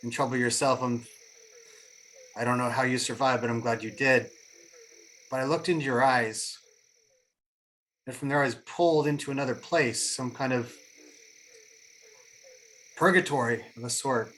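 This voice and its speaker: A man's voice: medium pitch, fairly even intonation, moderate pace, long pauses, fairly bright tone, a little hiss or hum, rough recording. Earnest man speaking in character. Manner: earnest, heartfelt. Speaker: player. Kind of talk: in-character tabletop role-play.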